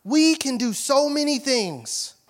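A male pastor preaching in a high, ringing voice. He punches questions at the congregation and then drops to quiet, intimate asides. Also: sing-song, slow pace. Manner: emphatic preaching, rising to loud questions, dropping to soft asides. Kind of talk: sermon.

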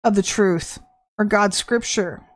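A woman delivering a fervent prophetic sermon, emphatic and shifting between drawn-out and rushed phrases. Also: mid-range voice. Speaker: prophetic preacher.

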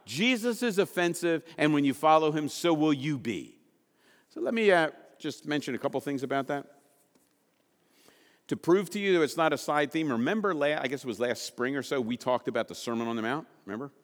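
Animated preaching man in a reverberant hall. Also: fairly high pitch, fairly quick. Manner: animated preaching, rhetorical questions, emphatic repetition. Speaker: pastor. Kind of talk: sermon.

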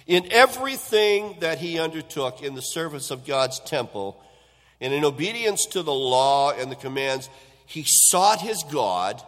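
A man preaching a Sunday sermon in a church. His voice rises into loud, emphatic build-ups and then drops into quiet endings. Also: a little high. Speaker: pastor. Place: church sanctuary. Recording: long hall reverb.

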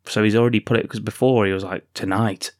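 A man co-hosting a casual film review podcast, with dry sarcastic humor and relaxed banter. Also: lowish voice, racing, dry recording. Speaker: podcast co-host.

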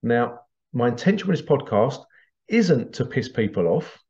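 A podcast host talks in a casual, wandering monologue, restarting phrases and chuckling as he goes. His voice sits at an ordinary pitch with a dark, relaxed tone, and the recording sounds dull and lo-fi. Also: moderate pace. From Britain. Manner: rambling, conversational, laughs often, frequent restarts.

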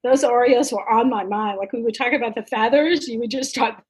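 A middle-aged woman telling a story in casual chat, animated and often laughing. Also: on the high side, brisk, slightly rough, rough recording.

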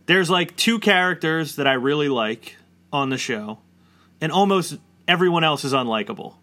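A man's voice: on the high side, expressive, normal speed, bright, forceful tone. A man around forty chatting casually and rambling, with lots of "like" fillers. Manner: rambling, heavy use of "like" fillers. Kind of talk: casual chat.

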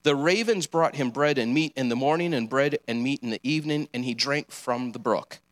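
A man's voice: medium pitch, fairly quick. A man preaching a sermon, earnest and encouraging, with casual asides.

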